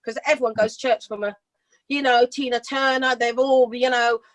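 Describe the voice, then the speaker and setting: A British woman in her fifties, a singer telling rambling, lively stories in a casual interview and laughing often. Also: on the high side, normal speed. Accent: British English. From Britain. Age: 50s. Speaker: singer guest. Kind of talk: casual storytelling chat.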